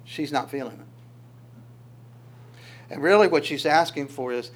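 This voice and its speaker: A man's voice: mid-range voice, slight background noise. Man preaching a conversational sermon. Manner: conversational, searching, quick asides. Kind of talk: expository sermon.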